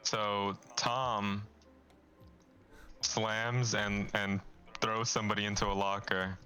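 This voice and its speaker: Low, bright-toned young man from North Carolina. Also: flat delivery, slow pace, faint music behind. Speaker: podcast co-host. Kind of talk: casual chat.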